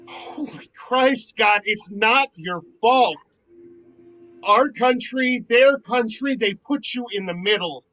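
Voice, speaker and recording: An actor playing an earnest male friend who pleads with feeling, swinging between soft and loud, in an amateur virtual stage play. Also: sits high, heavily acted, rough recording. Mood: tender.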